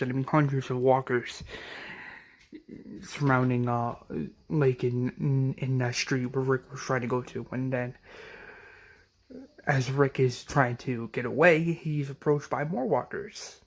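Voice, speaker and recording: A man casually retelling a TV episode scene by scene, rambling with many restarts and hesitations. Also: mid-range voice. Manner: rambling, heavy on fillers and restarts. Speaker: episode recapper.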